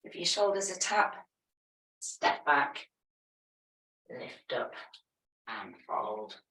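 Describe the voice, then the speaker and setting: A woman teaching a yoga class, giving calm, step-by-step movement and breathing cues. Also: low-pitched, drawn-out words. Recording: echoey room, voice from a distance.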